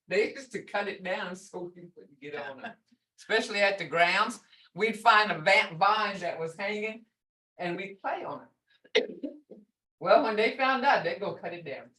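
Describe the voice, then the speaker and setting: An older woman teaching a beginner language class over a video call, speaking slowly and patiently, often chuckling as she repeats each word. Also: mid-range voice, animated, sharp tone. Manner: slow, patient, repeats words to model sounds; chuckles often while explaining.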